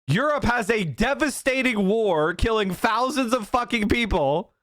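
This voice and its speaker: A male political commentator from Pennsylvania ranting on a live stream, heated and profane, often breaking into shouts. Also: extremely high pitch, expressive, unhurried, no room sound, studio quality.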